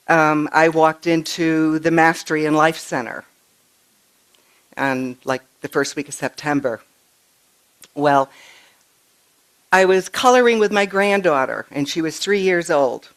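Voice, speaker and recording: An older woman minister giving a conversational sermon, telling stories in an animated way and often stumbling over and restarting her words. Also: deep voice. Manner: chatty, animated storytelling with frequent restarts. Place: church sanctuary.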